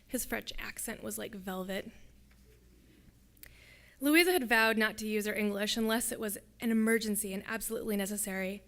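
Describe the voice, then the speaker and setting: A woman, a graduate student, reading her own fiction aloud at a public reading in a lecture hall, in a steady descriptive way. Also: mid-range voice, normal speed.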